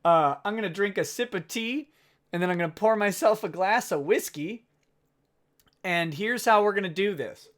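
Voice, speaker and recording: A man's voice: high voice, normal speed, a bit bright. A man hosting a casual livestream, sarcastic and self-mocking, often breaking into laughter. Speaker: livestream host.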